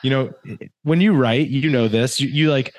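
A man who is a guest on a podcast, an author chatting in a relaxed way. He laughs easily and calls the host "dude" and "brother". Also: mid-range voice, normal speed. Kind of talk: casual interview chat.

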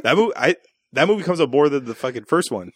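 A man's voice: on the high side, animated, quick pace, husky, no echo, studio quality. A man co-hosting a casual podcast, recapping a film and acting out its lines, swearing freely. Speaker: podcast co-host. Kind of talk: casual movie-recap chat.

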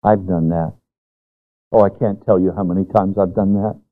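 A man's voice: low voice, fairly even intonation, normal speed. A man pastor preaching a sermon with emphasis, stretching out key words. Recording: tinny, phone-like narrow sound.

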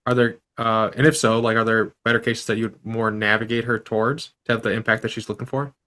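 A man's voice: on the low side, little pitch movement, fast, sharp tone. A man interviewing a guest, asking loose questions full of fillers and restarts. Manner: casual, hesitant questions with fillers. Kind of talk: conversational interview.

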